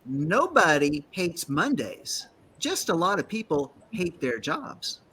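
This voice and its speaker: A man's voice: fairly high pitch, big pitch swings, takes it slowly, sharp tone, breathy edge. A man with a Texan accent joking and laughing in a casual studio chat as co-host. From Texas. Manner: jokey, laughs often.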